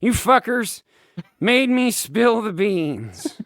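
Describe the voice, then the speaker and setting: A man narrating comedy audio in a slow, drawn-out and theatrical way. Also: high voice, sing-song, fairly bright tone, dry recording, clean studio sound. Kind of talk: comic dramatic narration.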